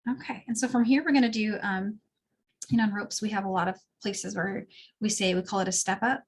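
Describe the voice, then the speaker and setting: A woman instructor walks through a beadwork project one step at a time, chatting as her hands work. Her voice is slightly husky and sits at an ordinary middle pitch. She sounds easygoing and explains as she goes. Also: steady tone, brisk. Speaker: craft instructor. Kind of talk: step-by-step craft tutorial.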